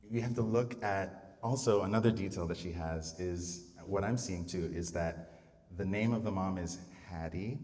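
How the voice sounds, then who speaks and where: Speaking in a low, somewhat mellow voice, a composer gives a live public talk on how he sets text to music. He works through his thoughts aloud, full of fillers and restarts, heard through a distant mic amid reverb.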